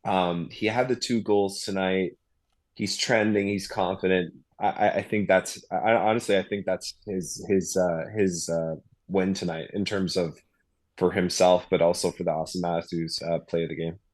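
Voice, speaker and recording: A man with a very deep voice co-hosts a laid-back post-game stream. He talks in easygoing slang and often restarts his sentences. The sound is dry, with no room echo. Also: steady tone, normal speed. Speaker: co-host.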